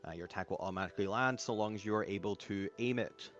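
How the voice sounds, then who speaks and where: A man running a tabletop game as game master, describing the action in a halting way with lots of fillers, over an online voice call. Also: lowish voice, a bit bright, lo-fi sound, faint music behind.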